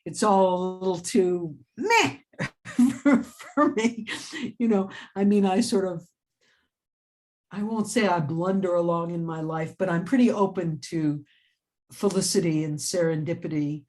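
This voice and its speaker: Energetic woman telling a story in a relaxed interview. She rambles warmly from one thought to the next, breaks off to laugh, and restarts her sentences as ideas come. Her speech sounds lively and unscripted. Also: lowish voice, measured pace. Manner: laughs often and restarts phrases. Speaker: author and writing teacher. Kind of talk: casual interview chat.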